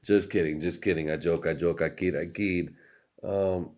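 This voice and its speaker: A man's voice: deep voice, fairly even intonation, normal speed, a little mellow. A young man hosting a podcast, rambling through a profane, jokey monologue that keeps slipping into put-on voices. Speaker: podcast host. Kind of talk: casual comedic monologue.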